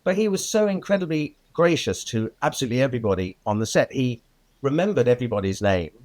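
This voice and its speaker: An older man tells stories from his career in an interview. His voice sits at a middle pitch, and he talks in a lively way, laughing often and putting on the voices of the people he quotes. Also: fast. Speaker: film editor, guest. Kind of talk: anecdotal interview storytelling.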